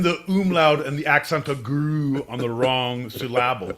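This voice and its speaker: A man co-hosting a podcast, joking loudly and putting on silly mock outrage. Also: medium pitch, steady tone, a little slow. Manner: bursts into loud mock outrage and silly fake German. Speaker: podcast co-host. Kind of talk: joking banter.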